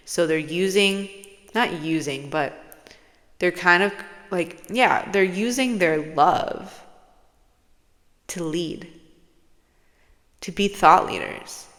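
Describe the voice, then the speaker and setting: In a casual personal vlog, a woman who works as a spiritual channeler rambles to her viewers, swearing freely and playfully and sometimes drifting into whispers. Her voice is deep and a bit bright, with long hall-like reverb on the recording.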